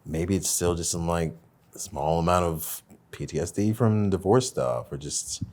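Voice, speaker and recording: Soft-spoken reflective man, very low voice. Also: normal speed. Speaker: podcast host. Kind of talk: casual heartfelt conversation.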